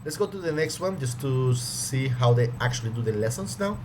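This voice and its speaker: A man talks through a language course in a relaxed, unscripted way, stumbling and repeating words as he searches for the right phrase. His voice sits at an ordinary pitch, and a clear layer of background noise runs under it. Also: a little fast. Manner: hesitant, repeats words and restarts. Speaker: course reviewer. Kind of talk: casual commentary.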